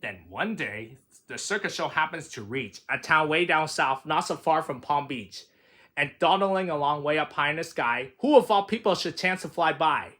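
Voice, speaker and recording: A man's voice: on the high side, animated, moderate pace, bright, forceful tone. A man reading a rhyming picture book aloud with a sing-song delivery. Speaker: reader.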